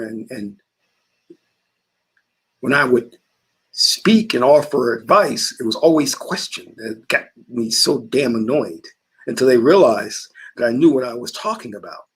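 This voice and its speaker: Husky man telling stories emphatically. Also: medium pitch, normal speed. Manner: emphatic storytelling. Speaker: host. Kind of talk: casual talk.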